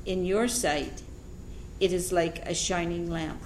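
A woman reading aloud from a translated text in a measured, even way for a class. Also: on the low side. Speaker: reader of the text. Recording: roomy echo, faint noise.

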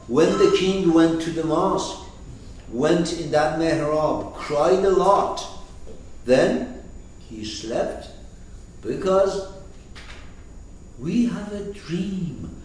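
A man teaching a class on a poetic text, speaking emphatically and asking his students questions. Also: fairly high pitch. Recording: echoey room, distant mic, faint noise.

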